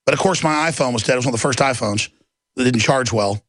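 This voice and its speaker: A man's voice: medium pitch, quick pace, a bit bright, slightly rough, no room sound. A man hosting a talk radio show, delivering an intense, rambling monologue with emphatic outbursts. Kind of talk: ranting monologue. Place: radio studio.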